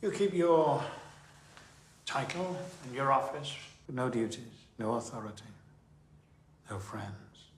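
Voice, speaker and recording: A cold, menacing Soviet official who delivers quiet threats in a calm, measured way. His voice sits in an ordinary middle register. The sound is roomy, like film audio played back. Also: medium pitch. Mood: coldly threatening.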